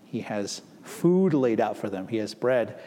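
A man's voice: lowish voice, expressive, a little slow, dark tone, long reverb tail, a little hiss or hum. A man preaching a sermon as a pastor, speaking conversationally and acting out the people in the story. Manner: conversational, acting out quoted voices.

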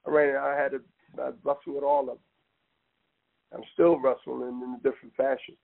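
Gravelly man on a tinny phone line. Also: medium pitch, flat delivery, fairly quick. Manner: emphatic, rambling, addresses listener directly with "man". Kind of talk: impassioned casual talk.

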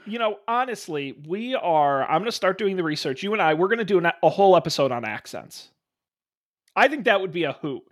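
A man's voice: high-pitched, lively intonation, fairly quick. A man co-hosting a podcast in casual chat, upbeat, with hesitant fillers. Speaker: podcast co-host.

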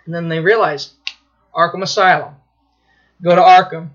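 A man co-hosting a podcast, excitedly retelling a plot in casual chat, swearing freely and restarting his sentences. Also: fairly high pitch, normal speed, lo-fi sound.

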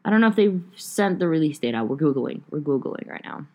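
A woman's voice: low-pitched, lively intonation, brisk, a little mellow. A young woman hosting a casual solo podcast, rambling and chatty with lots of fillers and some swearing. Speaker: podcast host.

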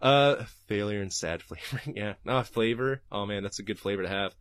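A man's voice: on the low side, fairly quick, a bit bright, smooth, dry recording, clean studio sound. A man hosting a podcast and reading live chat, talking casually and profanely and laughing often.

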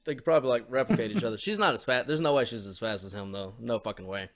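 Male podcast co-host, crude, swearing, rambling, medium-pitched voice. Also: racing. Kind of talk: casual profane chat.

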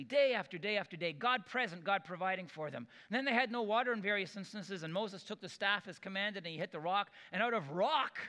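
A man delivers a sermon, his voice sitting a little high and sounding bright and forceful. He brings the stories to life by acting out the quoted voices. A long reverb trails after each phrase, as in a big hall. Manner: animated storytelling with acted-out quotes. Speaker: preacher.

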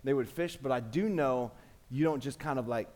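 A man's voice: medium pitch, moderate pace, darkish tone. A man in his forties, a pastor delivering a conversational sermon in a church with call-and-response. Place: church sanctuary.

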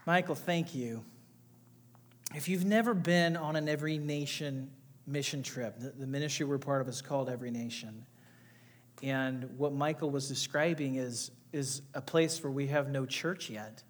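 A man's voice: medium pitch, fairly even intonation, moderate pace. A man speaking as pastor at a church service, affirming a speaker and explaining the ministry in plain, encouraging terms. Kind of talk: sermon remarks to a congregation.

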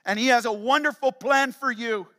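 A man preaching a sermon as pastor, fervent and emphatic, then settling into a soft, earnest prayer. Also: very high voice, normal speed.

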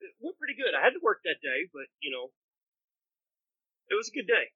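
A man's voice: high-pitched, big pitch swings, brisk, slightly rough, no room sound, lo-fi sound. A man in his late thirties co-hosting a casual podcast, congested from a sinus infection, laid-back and blunt. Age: 30s. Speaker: podcast co-host.

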